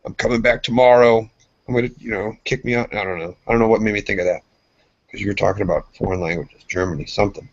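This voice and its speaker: A man's voice: on the low side, rapid-fire, creaky. A man co-hosting a casual podcast, telling rambling stories and acting out the other voices in them. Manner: animated, acts out voices in his stories. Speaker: podcast co-host. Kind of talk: casual chat, storytelling. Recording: dull lo-fi podcast audio.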